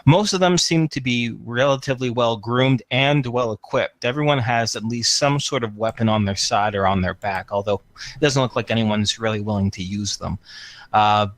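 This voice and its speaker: A man's voice: mid-range voice, no echo. A man narrating scenes as game master of a tabletop game, descriptive and full of fillers. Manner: descriptive, filler-heavy, unhurried.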